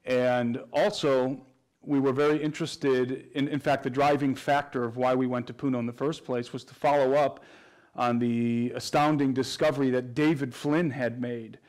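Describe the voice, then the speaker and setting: Male interview guest, mid-pitch, flat and earnest, talks in long explanations with restarts. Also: normal speed. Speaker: guest researcher. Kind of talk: interview answers.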